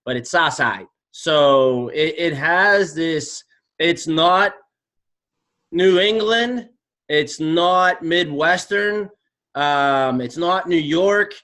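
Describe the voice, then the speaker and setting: A man's voice: fairly high pitch, very slow, pushed and bright. A man from the Pittsburgh area, a guest in a casual, tipsy chat, talking hesitantly with wry remarks. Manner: hesitant, many fillers and restarts, wry.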